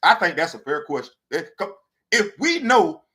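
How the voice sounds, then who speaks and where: High, lively man telling a comedic story. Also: moderate pace, breathy edge. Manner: animated, swings from low mutters to loud outbursts; repeats phrases for emphasis. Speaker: podcast host.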